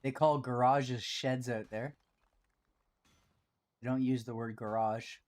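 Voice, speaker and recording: A man's voice: mid-range voice, steady tone, slow pace, darkish tone. A man streaming a game build live, chatting casually with his co-host and viewers and muttering to himself as he works.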